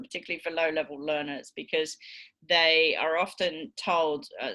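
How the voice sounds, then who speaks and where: A woman lecturer teaching a class, explaining clearly and demonstrating stress patterns aloud. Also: low voice, pushed and bright. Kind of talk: recorded university lecture.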